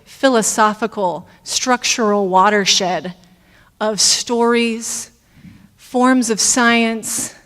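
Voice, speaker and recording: A woman minister giving a reflective sermon, speaking deliberately with pauses. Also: on the high side, in a large hall. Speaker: intern minister. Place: church sanctuary.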